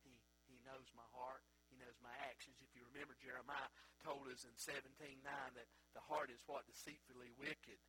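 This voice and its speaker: A man preaching a sermon as pastor in a church, moving between emphatic peaks and quiet asides. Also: mid-range voice, level tone, brisk, few pauses, slight background noise, rough recording. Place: church sanctuary.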